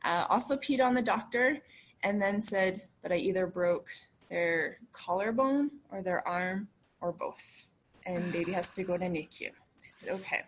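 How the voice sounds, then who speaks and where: A woman's voice: lowish voice, normal speed, a little hiss or hum. A woman in her thirties telling a story about giving birth to her twins in casual conversation. She talks in a chatty way, laughs often and acts out the voices of the people she quotes.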